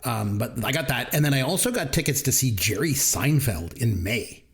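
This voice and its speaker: A man's voice: mid-range voice, expressive, normal speed. A middle-aged Canadian man with a Canadian accent, hosting a casual podcast chat, jokey and chatty. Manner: chatty, jokey, laughs often. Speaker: podcast host.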